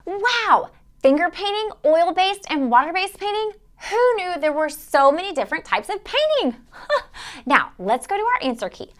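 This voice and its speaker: A woman playing an enthusiastic young quiz-show host who talks excitedly to the kids watching. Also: very high-pitched, normal speed, faint music behind, full character voice. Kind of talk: amateur stage skit.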